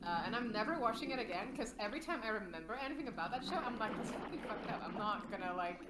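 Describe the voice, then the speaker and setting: A woman's voice: on the high side, animated, very fast. A woman friend chatting on a call, giggly and teasing. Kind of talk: casual chat on a call. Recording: echoey noisy call audio.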